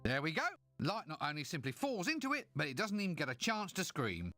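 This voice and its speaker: A whiny sarcastic game wizard, super bouncy pitch, bright sound. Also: male voice, sing-song, a little fast, faint music behind, full character voice. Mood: smug. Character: Rincewind, hapless cowardly wizard, sarcastic man. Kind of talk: 1990s video game voice acting.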